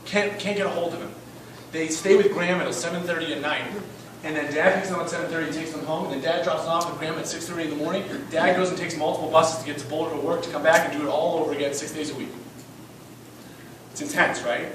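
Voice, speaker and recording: A man's voice: on the high side, fairly even intonation, fast. A man who is a school principal, telling an emphatic story at a fundraiser and often asking "right?". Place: event room. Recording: echoey room, distant mic, noisy.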